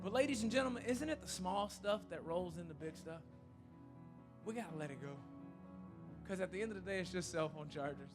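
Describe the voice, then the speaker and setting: A man's voice: high voice, expressive, brisk, long pauses, music in the background. A man preaching a sermon in a church, telling a humorous story and then making an earnest, repetitive appeal. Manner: repetitive and emphatic. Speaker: pastor.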